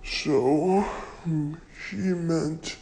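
Woman as a sleepy old turtle, crawling slow delivery, soft dark tone. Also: low voice, vocal fry, slight background noise, exaggerated voice, low-quality recording. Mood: drowsy. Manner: slow, drawn-out rambling.

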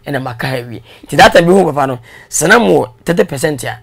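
Gravelly man telling his story. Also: on the high side, quick pace, a crowd in the background. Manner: animated storyteller, laughs, mixes in English. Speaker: guest. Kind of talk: casual interview talk.

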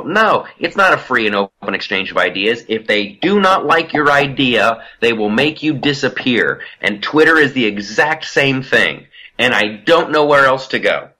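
Bright-voiced ranting man on a podcast. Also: mid-range voice, normal speed. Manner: animated, ranting, profane. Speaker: podcast host. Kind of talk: casual political podcast chat.

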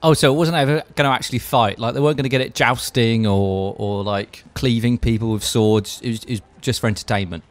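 A man's voice: medium pitch, fairly even intonation, a little fast, few pauses. A man co-hosting a comedy podcast, tossing in wry, mock-incredulous questions. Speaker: co-host.

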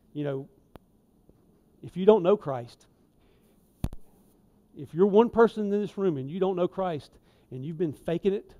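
A man preaching a sermon in a church, folksy and conversational, with emphatic asides and swings in loudness. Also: on the high side. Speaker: lay preacher. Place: church sanctuary.

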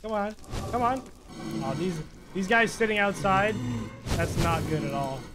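A young man giving excitable live commentary while playing a video game, muttering one moment and yelling the next. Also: high voice, a little slow, over loud music. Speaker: gaming YouTuber.

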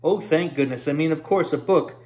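Man voicing a sly storybook gopher, quick and wheedling, pitched up high. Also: a little mellow, natural voice. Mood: nervous. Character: sly fast-talking male gopher schemer.

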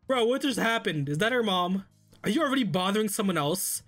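An excitable male gaming host with a very lively, animated pitch and a bright, forceful tone, laughing and joking through slangy casual commentary. Faint game music plays behind him. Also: normal speed. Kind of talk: let's play commentary.

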